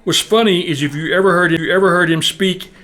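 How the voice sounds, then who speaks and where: A man's voice: high voice, steady tone, fast, pushed and bright. A man in his seventies with a Texan accent, telling a wry story on stage to a live audience. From Texas. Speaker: musician and storyteller.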